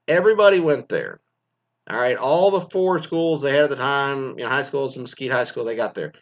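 Reacting to news stories, this Dallas-area Texan in middle age launches into a profane, sarcastic monologue. He talks fairly quickly in a mid-range voice with lively intonation, captured on dull lo-fi audio.

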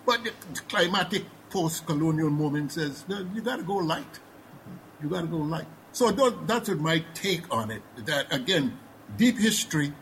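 A man with a Guyanese accent speaking as a panelist in a discussion, measured and professorial with frequent hesitations. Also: mid-range voice, a little hiss or hum, low-quality recording.

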